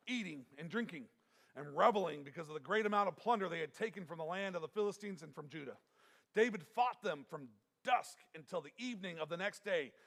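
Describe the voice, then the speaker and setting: A man with a gravelly, fairly high voice preaches a sermon. He talks earnestly and emphatically, repeating himself and restarting his sentences as he drives a point home. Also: a bit bright. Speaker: pastor.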